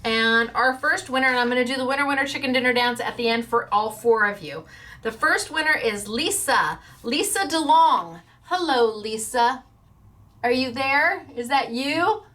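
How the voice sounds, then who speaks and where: A woman hosting a crafting show, talking to her viewers in a casual, heartfelt way. Her voice sits a little high, and she speaks earnestly, like someone quick to tear up. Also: fairly bright tone.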